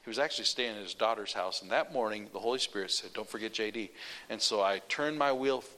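A male preacher tells a personal story in his sermon, speaking fast in a lowish voice. He's animated and strings sentences together with one "and" after another.

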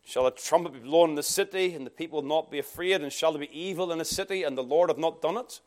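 Male preacher, higher-pitched voice, emphatic sermon delivery. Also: fast talker. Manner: emphatic rising delivery with rhetorical questions.

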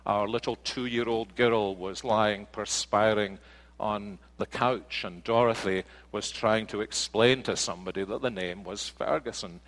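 A man's voice: fairly low pitch, steady tone, a little slow, a bit bright, rough recording. A man preaching a sermon, earnest, with rhetorical questions and homely anecdotes. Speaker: pastor.

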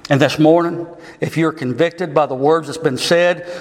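A man preaches with impassioned, swelling delivery, his voice pitched high for a man. The sound rings with a long hall reverb. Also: fairly even intonation, moderate pace. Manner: impassioned, rising and falling delivery. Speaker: pastor. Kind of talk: sermon.

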